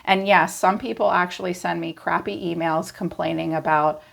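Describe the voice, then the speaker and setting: A congested woman with a raspy voice, giving a casual tarot reading and musing aloud as she clears her throat now and then. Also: lowish voice, steady tone, normal speed. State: congested from allergies. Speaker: tarot reader.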